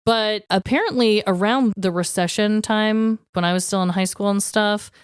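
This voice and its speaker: A woman co-hosting a podcast in casual chat, expressive and jumping into mocking voices when quoting people. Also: medium pitch, normal speed, clean tone, no room sound, clean studio sound. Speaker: podcast co-host.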